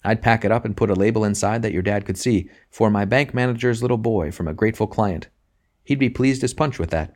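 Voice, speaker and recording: A man's voice: on the low side, brisk, a little mellow, natural voice. A man reading a sly, coaxing baker. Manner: coaxing, insinuating. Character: sly, scheming middle-aged male baker. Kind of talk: audiobook reading.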